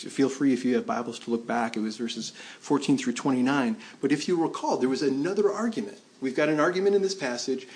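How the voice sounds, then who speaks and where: A male pastor delivering a sermon in a church, his pitch sitting in the middle of the usual range for a man. He talks to the congregation in a loose, conversational way, with fillers and restarts, and acts out the quotes he tells. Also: darkish tone.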